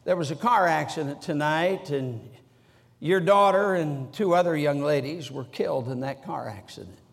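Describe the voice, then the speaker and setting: A man voicing a grave state trooper delivering bad news, quiet and low. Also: moderate pace, vocal fry. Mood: somber. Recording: echoey church hall.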